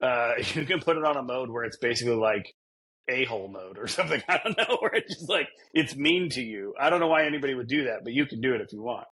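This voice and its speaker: A man's voice: medium pitch, expressive, fast, pushed and bright, slightly rough. A man co-hosting a podcast, chatting casually in a rambling, self-deprecating way and laughing often. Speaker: podcast co-host. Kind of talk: casual chat.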